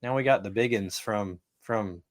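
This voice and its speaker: A man's voice: fairly low pitch, normal speed. Teasing man co-hosting a podcast. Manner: teasing, joking, easygoing. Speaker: podcast co-host. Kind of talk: casual sports podcast chat.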